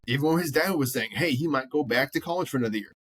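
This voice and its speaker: A man's voice: medium pitch, racing, fairly bright tone, slightly rough, no echo. A man co-hosting a sports podcast, talking bluntly and animatedly and swearing freely as he acts out quotes. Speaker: podcast co-host. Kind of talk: casual sports chat.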